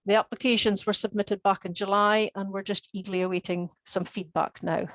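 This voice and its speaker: A woman's voice: mid-range voice, level tone, a little fast, dry recording. A woman crofter giving a presentation on a video call, earnest and hesitant with frequent restarts. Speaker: crofter presenting her project.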